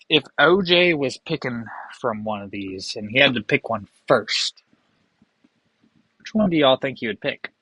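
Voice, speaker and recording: A man's voice: medium pitch, sharp tone, slightly rough, low-quality recording. A young man hosting a casual whiskey tasting, rambling and joking with profane asides. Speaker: whiskey vlogger.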